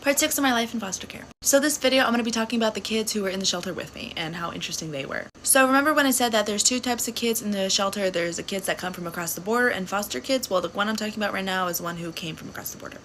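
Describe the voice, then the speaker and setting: A woman's voice: mid-range voice, very fast, few pauses, fairly bright tone, a little hiss or hum, rough recording. Blunt, sassy young woman. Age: 20s. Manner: sassy, blunt, swears freely. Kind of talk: casual storytime vlog.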